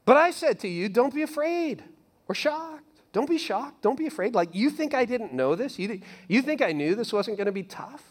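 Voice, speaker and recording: A male pastor preaches in a loose, talky style, his voice sitting high and leaping around a lot. He punches key lines, then drops to a near-whisper. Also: moderate pace. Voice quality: animated, conversational preaching with sudden soft drops. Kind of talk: sermon.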